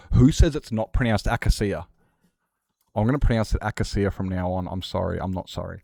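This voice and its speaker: A man's voice: lowish voice, a little mellow, dry recording, clean studio sound. A young Australian man chatting casually on a livestream, swearing freely and laughing often. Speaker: streamer.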